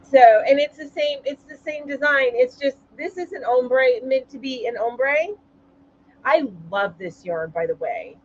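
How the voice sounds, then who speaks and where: A woman's voice: high voice, a little slow, highs cut off, slight background noise. A woman hosting a casual live chat stream, greeting viewers by name and laughing often as she talks. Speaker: livestream host.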